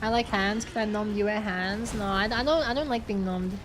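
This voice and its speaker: A woman's voice: mid-range voice, normal speed, background noise. A woman with an Australian accent, streaming and chatting casually in a giggly, rambling way as she reads out viewer comments. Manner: giggly, rambling, with restarts and fillers. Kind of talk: casual chat reading out viewer comments while gaming.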